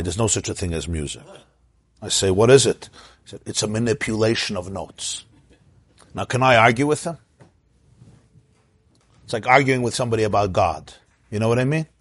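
A man's voice: mid-range voice, no room sound. A man teaching an informal Torah class, telling stories, asking his listeners questions and chanting Hebrew verses.

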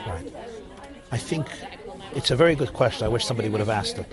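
A man, a rabbi, giving a storytelling sermon, animated and swooping up to shouted cries as he acts out scenes. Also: medium pitch, fast talker, crowd noise.

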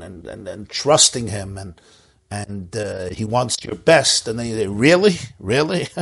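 A middle-aged man giving gentle, earnest spiritual advice on a live stream, often repeating words for emphasis. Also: medium pitch. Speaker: spiritual advice giver answering a chat question.

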